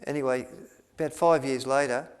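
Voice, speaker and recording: A man tells a story to an audience. He rambles, restarts his sentences often and fills pauses with ums. He acts out the lines he quotes. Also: mid-range voice, steady tone, clean tone. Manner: rambling, with many restarts and fillers, acting out quotes. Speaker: speaker at a health retreat.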